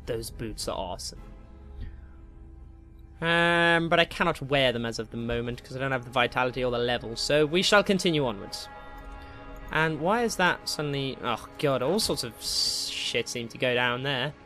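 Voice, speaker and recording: A man giving casual, excitable commentary while playing a game, swearing and taunting enemies. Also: mid-range voice, moderate pace, soft background music. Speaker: gameplay commentator.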